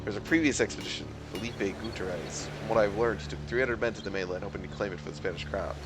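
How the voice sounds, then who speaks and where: Man reading formal mercenary, measured, low voice, music underneath. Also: natural voice. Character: formal male mercenary soldier.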